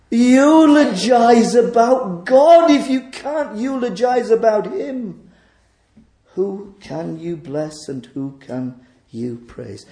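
A man's voice: sits high, creaky, warm tone, roomy sound. A man preaching a sermon in a church, fervent and emphatic as he exhorts the congregation.

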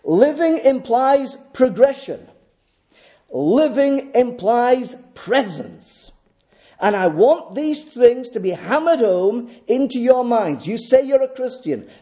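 A male preacher delivers a sermon with a high, lively voice that rises and falls widely. His tone is mellow, and he drives points home by repeating phrases and asking rhetorical questions.

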